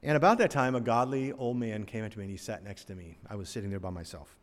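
A man in his sixties, from North Carolina, preaching a sermon with stories, swinging between emphatic rises and quiet drops. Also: fairly low pitch, fast talker. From North Carolina, USA. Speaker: pastor. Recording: long hall reverb.

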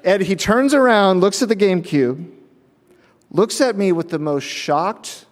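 A man preaching a sermon, telling a personal story in an animated way, acting out voices and laughing often, heard with long hall reverb. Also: a little high, slow, long pauses.

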